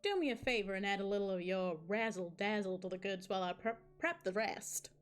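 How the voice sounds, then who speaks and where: A woman's voice: mid-range voice, clean tone, faint music behind, close to an everyday voice. A woman voicing a brash male Cupid with a greaser manner and slangy showman patter. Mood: pushy, slangy. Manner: slangy, fast-talking showman.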